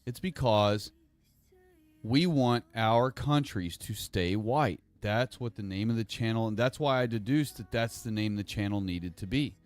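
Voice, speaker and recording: A man hosting a casual livestream monologue, rambling and halting and repeating himself. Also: lowish voice, dry recording. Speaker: livestream host.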